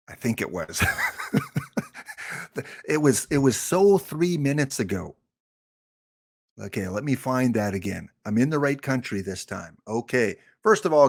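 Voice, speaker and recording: A man hosts a live game stream, talking at an unhurried pace in an ordinary middle register. He chats and jokes with his viewers as he goes. Soft music sits faintly behind him. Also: medium pitch. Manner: chatty, joking, talks to viewers. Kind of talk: casual live-stream chat.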